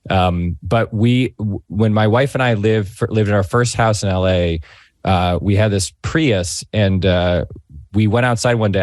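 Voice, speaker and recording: A man's voice: sits low, no room sound, studio quality. A middle-aged man, a guest on a talk show, telling stories in a rambling, self-interrupting way. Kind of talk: casual chat, storytelling.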